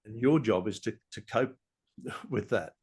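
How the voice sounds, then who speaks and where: A man, a communication trainer and podcast guest, who tells stories in an animated way, laughs often and acts out scenes. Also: on the low side, a little slow, slightly rough. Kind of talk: casual interview talk.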